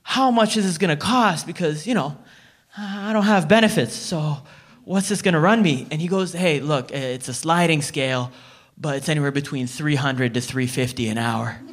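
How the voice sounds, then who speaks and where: A Canadian man doing a stand-up comedy routine in front of a live audience, telling stories in an animated way and acting out the dialogue. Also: a little high, normal speed.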